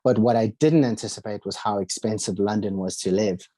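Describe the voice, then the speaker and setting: On a podcast, a young man from South Africa with a South African accent chats through his life story, voicing the lines people said to him and using plenty of fillers. His voice is fairly low, warm and brisk, and there's no room sound.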